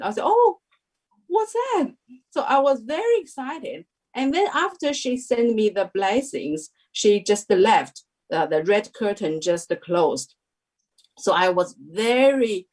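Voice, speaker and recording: A young adult woman giving a halting interview testimony, full of fillers and restarts. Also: mid-range voice, a little mellow. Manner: hesitant, many fillers and restarts. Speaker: devotee sharing a testimony.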